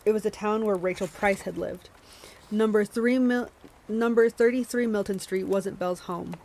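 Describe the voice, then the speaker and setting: A woman's voice: medium pitch, normal speed, darkish tone, rough recording. Woman streamer reading a novel aloud. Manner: reads with small stumbles and self-corrections, chats to viewers between passages. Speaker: streamer hosting a book club.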